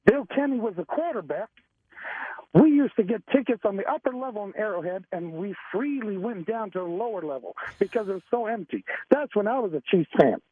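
A man's voice: sits high, expressive, fairly quick, breathy edge, no room sound. A man calling in to a radio show, rambling and stammering with emotion. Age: 40s. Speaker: caller. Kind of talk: excited call-in chat. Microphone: telephone. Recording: tinny phone line.

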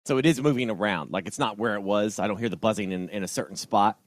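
A player in a tabletop game who gets excitable and frantic and stammers when flustered. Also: deep voice, quick pace, no echo, clean studio sound.

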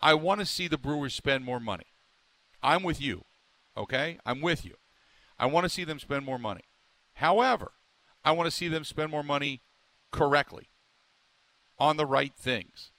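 Male sports radio host, excitable and rambling, bright, slightly high voice, dry close mic. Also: no echo. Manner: excitable, rambling, emphatic with lots of restarts. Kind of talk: sports talk radio monologue.

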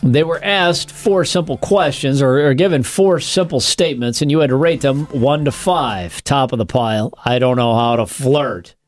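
A man's voice: on the high side, moderate pace, few pauses, faint music behind. A man co-hosting a comedy podcast, joking crudely and rambling with lots of fillers. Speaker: podcast co-host. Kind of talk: casual comedic podcast banter.

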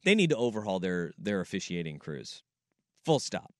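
A man's voice: low voice, very animated, no echo. Sports radio guy in the studio, punchy and opinionated, dry close mic. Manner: emphatic, opinionated, quick to agree. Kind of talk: sports talk radio chat. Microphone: studio microphone.

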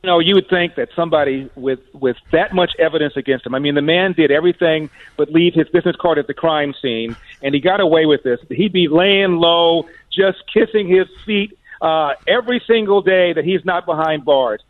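A man's voice: fairly high pitch, brisk, hardly any pauses, no room sound. A man calling in as a guest commentator, sardonic and chuckling as he talks. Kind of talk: talk show commentary. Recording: tinny phone line.

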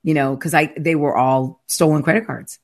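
A woman's voice: deep voice, fairly even intonation, moderate pace. A woman, the guest in an interview, retelling her experiences in an emphatic, dramatic conversational way, with frequent restarts. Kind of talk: conversational storytelling.

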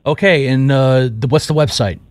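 A man's voice: medium pitch, moderate pace, dry recording. A man hosting a morning radio talk show, joking easily with his guests. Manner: jokey, upbeat. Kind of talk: casual radio interview chat.

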